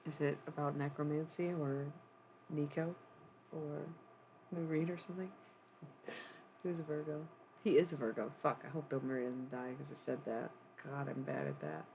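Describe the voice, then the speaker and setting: Low gravelly-voiced woman streamer. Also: fairly even intonation, moderate pace, mellow, slight background noise, rough recording. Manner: rambling, profane, musing aloud. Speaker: live streamer. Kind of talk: casual live-stream chat.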